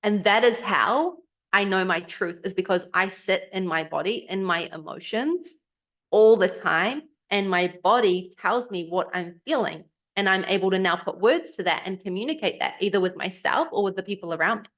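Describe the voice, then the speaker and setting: A woman's voice: mid-range voice, expressive, normal speed, a bit bright. A woman co-hosting a podcast in casual chat, reflective and earnest, sometimes acting out what others say. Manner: reflective, earnest, acts out quoted voices. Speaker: podcast co-host.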